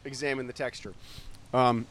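On a relaxed food podcast, a male co-host chews pizza as he explains things thoughtfully, stumbling through ums, fillers and restarts. His medium-pitched voice is a bit bright and fairly flat, at a moderate pace, with a little hiss or hum.

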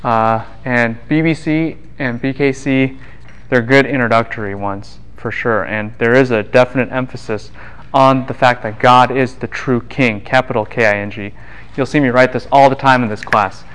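A man giving a university classroom lecture in a relaxed, joking way, often acting out what other people would say. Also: mid-range voice, normal speed, smooth, low-quality recording. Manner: casual, quips and acts out voices of students and scholars.

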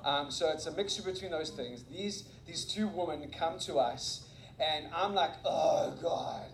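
A man preaching as a guest speaker and missionary, telling stories in an animated, self-mocking way. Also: fairly high pitch, normal speed, a little hiss or hum. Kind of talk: energetic sermon with storytelling. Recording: echoey room.

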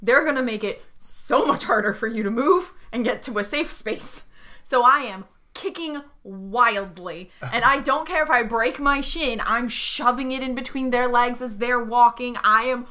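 A woman playing a tabletop role-playing game, describing her character's actions in an emphatic, animated way. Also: on the high side, normal speed. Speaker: player.

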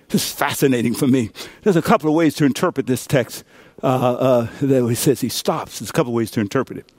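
A man in his fifties preaching a sermon as pastor, building to shouted call-and-response. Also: medium pitch, animated, fairly quick, no echo. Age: 50s.

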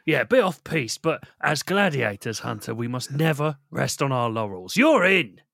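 A man's voice: mid-range voice, very animated, moderate pace, vocal fry, a bit bright, dry recording. A man co-hosting a comedy podcast, dry and literal with his lines. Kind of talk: casual comedy chat.

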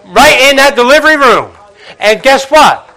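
An older man preaching a sermon to a church congregation, swinging between loud exhortation and hushed, confiding passages. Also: very high voice, lively intonation, moderate pace, rough recording. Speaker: pastor. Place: church before a live congregation.

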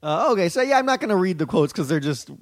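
A man's voice: high voice, big pitch swings, fast. A man co-hosting a casual comedic chat, reading out the news items in a wry, questioning way. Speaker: podcast co-host.

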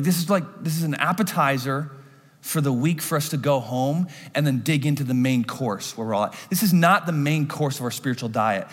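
A man's voice: on the high side, in a large hall. A male pastor preaching a sermon in a church, telling the story with animation and acting out the voices.

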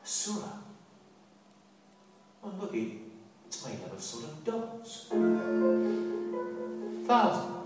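A man's voice: a little high, very animated, takes it slowly, long pauses. A middle-aged man performing a live cabaret monologue, telling a story and bursting into frantic sung patter. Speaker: stage performer. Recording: live stage, distant mic, roomy echo, loud music.

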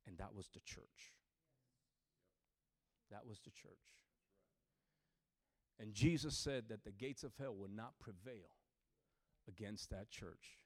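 A man preaching a sermon to a church, swinging from shouted exhortation to hushed, near-whispered storytelling. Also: lowish voice, takes it slowly, long pauses, breathy edge.

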